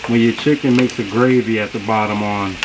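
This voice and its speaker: A man's voice: on the low side, fairly even intonation, fairly quick, background noise. A man hosting a casual food review in a kitchen, chatty and folksy, often saying "you know". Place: home kitchen beside the stove. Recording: loud frying sizzle behind.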